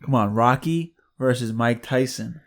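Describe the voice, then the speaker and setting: A man's voice: medium pitch, a little slow. A man co-hosting a podcast, trading laid-back, slangy banter with a friend. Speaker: podcast co-host. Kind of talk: casual chat.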